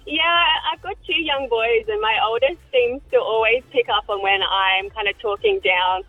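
Aussie mum calling in, tinny phone sound, chatty. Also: female voice, on the high side, moderate pace, slightly rough, no echo, soft background music. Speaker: caller.

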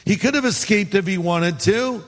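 Pastor from California, casual joking sermon delivery, reverberant large hall. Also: male voice, sits high. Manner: conversational, joking, shifts between quick asides and slow emphasis.

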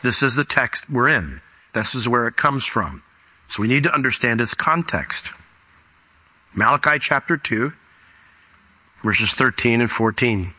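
A man preaching a sermon as pastor, reading scripture aloud and explaining it, often rising in pitch for emphasis. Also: unhurried, pauses often, husky. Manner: animated, rises sharply in pitch for emphasis.

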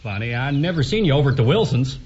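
A folksy country farmer. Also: male voice, medium pitch, very animated, quick pace, a little mellow, husky. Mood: neighborly. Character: friendly folksy male farmer of the 1920s. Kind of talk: audio drama acting. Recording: slightly dull audio drama recording.

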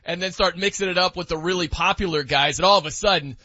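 A man co-hosting a casual sports talk show, animated and laughing as he talks. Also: high voice, fast talker, no room sound. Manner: animated, laughing, mimics wrestling announcers. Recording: dull lo-fi dry sound.

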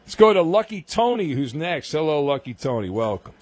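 A man from Southern California hosting a call-in sports radio show, teasing callers with dry, quick comebacks. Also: a little high, very animated, darkish tone, dry recording. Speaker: radio talk show host.

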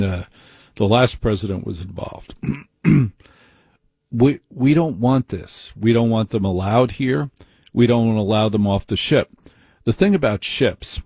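Middle-aged man, husky voice, blunt and wry commentary, dry close mic. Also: medium pitch, darkish tone, no echo. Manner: blunt, wry, rambling asides. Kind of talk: opinionated monologue.

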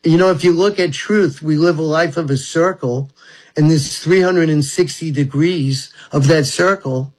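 An older man from Brooklyn talks in a rambling, earnest way about spiritual matters. His voice sits a little high for a man. He tells long personal stories as a talk-show guest. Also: normal speed, low-quality recording. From Brooklyn, New York. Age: 70s. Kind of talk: reflective storytelling.

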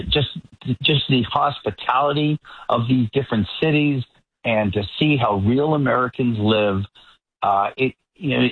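Husky male guest on a tinny line. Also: lowish voice, no room sound. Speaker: roundtable guest. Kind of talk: casual talk radio discussion. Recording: tinny phone-like remote line.

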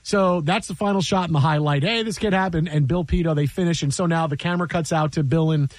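Sports radio host, male, high voice, dry close studio sound, animated storyteller who acts out quotes. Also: fast, no echo. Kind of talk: casual sports radio chat. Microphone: studio mic.

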